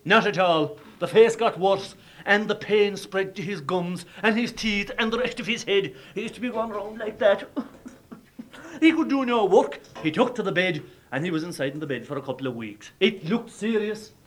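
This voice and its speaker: A man with an Irish accent telling a traditional folk tale in a lively, dramatic way. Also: sits high, normal speed. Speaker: storyteller.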